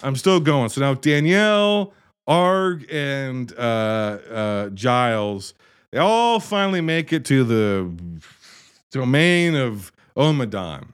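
A man's voice: mid-range voice, sing-song, slow pace, smooth. A man giving a profane, sarcastic comedic recap of a movie, exasperated and swearing freely. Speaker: movie reviewer.

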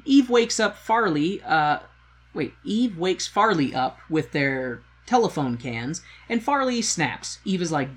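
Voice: mid-range voice, very animated, takes it slowly, slightly rough. Brief: co-host, casual and crude, rambles through a plot recap, jokes often. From United States. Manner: joking, profane, rambling storytelling. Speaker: podcast co-host. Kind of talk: casual chat recapping a musical.

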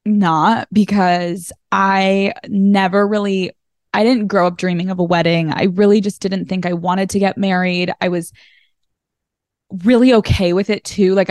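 A woman's voice: on the low side, a little mellow, dry recording, studio quality. A woman chatting as a podcast guest, telling stories with lots of "like" and acting out conversations. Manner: chatty storyteller, heavy use of "like"; acts out quoted dialogue. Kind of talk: casual interview chat.

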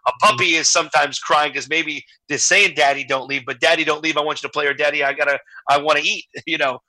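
A man's voice: fairly high pitch, fairly even intonation, fast talker, pushed and bright, no room sound, rough recording. A man in his forties, a guest in a casual interview, telling candid, emotional stories full of quoted dialogue. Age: 40s. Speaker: guest entertainer.

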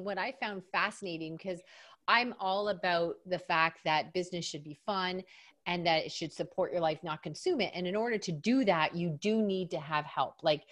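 A woman hosting a podcast interview in an animated way, laughing often and asking guiding questions. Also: on the low side. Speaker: podcast host.

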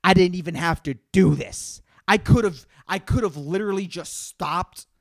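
A man's voice: high-pitched, moderate pace, dry recording. Tipsy, rambling man hosting a podcast. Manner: profane, slangy, jumps between topics, says "dude" constantly. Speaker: podcast host. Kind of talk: rambling solo podcast monologue. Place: in front of a green screen.

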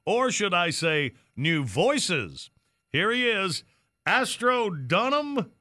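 A man, hosting a morning radio show, folksy and quick to laugh as the straight man. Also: high-pitched, sing-song, sharp tone, dry recording. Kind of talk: radio banter.

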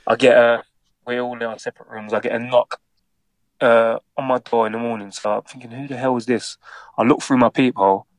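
A man's voice: mid-range voice, fairly quick, no room sound. A middle-aged man from England, a former footballer, telling a casual anecdote and acting out the quotes in it. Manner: animated storyteller, acts out quotes.

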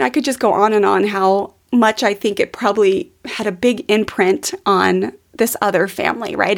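A woman's voice: mid-range voice, vocal fry. A woman in her thirties hosting a podcast, telling personal stories in an earnest, heartfelt way with many fillers. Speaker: podcast host. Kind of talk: personal storytelling monologue.

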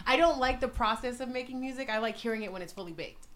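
A woman's voice: a little high, fast, over a noisy crowd. A young woman in casual podcast chat, teasing and making dramatic asides.

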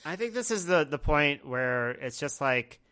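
A man co-hosting a podcast with a bright, forward tone and a slightly raised pitch. His speech rises and falls a lot as he drops joking asides into the casual chat. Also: animated, unhurried, clear, resonant tone. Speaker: podcast co-host.

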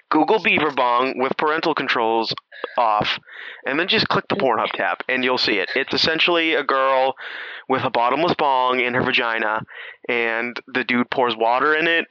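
A man's voice: mid-range voice, clear, resonant tone, no echo. A man co-hosting a podcast in casual chat, joking and rambling with frequent laughter. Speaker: podcast co-host. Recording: slightly dull lo-fi sound.

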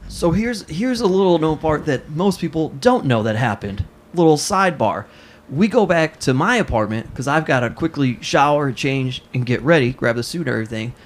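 A man hosting a podcast, telling a long funny story in a lively way and laughing as he goes. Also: on the high side, moderate pace. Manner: animated, laughing while telling stories. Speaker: podcast host. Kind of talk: casual storytelling.

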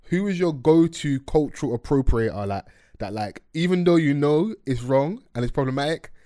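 Speaking into a close mic with no echo, a young podcast host with a fairly high voice keeps things casual. He talks quickly and playfully, throwing in jokes and plenty of slang.

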